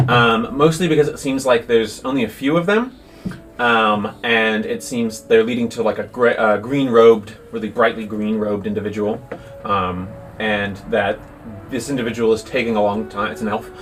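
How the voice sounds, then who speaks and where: A man narrating as game master with a relaxed, halting delivery full of fillers. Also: medium pitch. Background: faint music.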